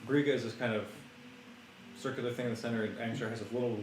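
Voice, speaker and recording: A man runs a tabletop game, explaining quickly and repeating words as he goes. His voice echoes in the room. A clear background noise sits under him. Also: medium pitch, fairly even intonation. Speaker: game master.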